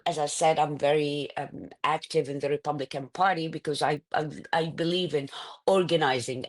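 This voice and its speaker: A middle-aged woman with an Iraqi Arabic accent, a political candidate talking in an interview, animated, with frequent fillers and quick laughs. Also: low-pitched. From Iraq. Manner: animated, laughs often, many fillers and restarts. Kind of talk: conversational interview.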